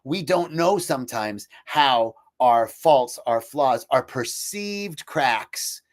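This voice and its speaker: Guy hosting a live inspirational talk, animated storyteller, laughs a lot. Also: medium pitch, takes it slowly. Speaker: host.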